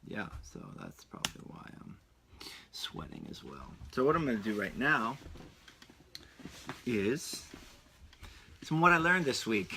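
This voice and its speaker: A man's voice: medium pitch, wildly swooping pitch, measured pace, gravelly, pauses often, pushed and bright, a little hiss or hum. A man hosting his own podcast, rambling in a casual solo chat full of asides and restarts. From Pennsylvania. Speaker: podcast host.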